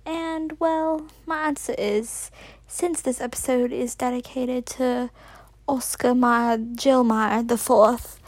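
Host, female, high voice, put-on British accent, nervous rambling delivery with whispered asides, dry close sound. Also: steady tone, takes it slowly, darkish tone, dry recording. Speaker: podcast host. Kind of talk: casual rambling monologue.

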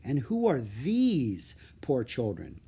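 Man doing a prim proper rich girl, slow and sweet. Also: mid-range voice, wildly swooping pitch, warm tone, a little hiss or hum, full character voice. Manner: prim, genteel.

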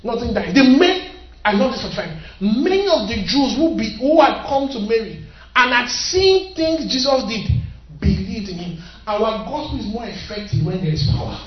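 High-pitched preacher, echoey hall. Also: male voice, lively intonation, normal speed. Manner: emphatic, repeats phrases, shouts at peaks, reads scripture aloud. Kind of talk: sermon. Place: church hall. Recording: echoey hall, distant mic, dull sound.

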